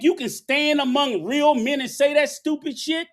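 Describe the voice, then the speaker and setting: High-pitched middle-aged guy, ranting angry and preachy, lots of cussing. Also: moderate pace. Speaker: commentator. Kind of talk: ranting commentary.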